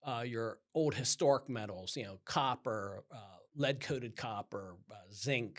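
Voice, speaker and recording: A roofing company owner talks casually as an interview guest in a mid-range, slightly slow voice. He's animated and acts out the dialogue of customers he quotes.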